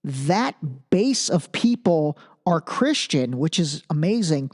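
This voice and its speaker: A man's voice: fairly high pitch, big pitch swings, takes it slowly. A man hosting a solo podcast, talking casually and thinking aloud, restarting phrases and checking in with the listener. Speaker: podcast host.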